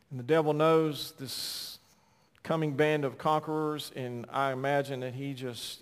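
A man preaching a sermon, swinging from loud emphatic lines to soft, quiet storytelling. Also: mid-range voice, clean tone, in a large hall. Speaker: pastor.

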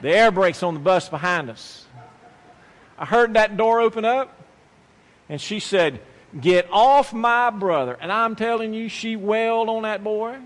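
Male preacher with a high voice, emphatic storytelling delivery, long hall reverb. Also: unhurried, a bit bright. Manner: emphatic, storytelling with acted quotes, repeats phrases. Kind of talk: sermon with personal story.

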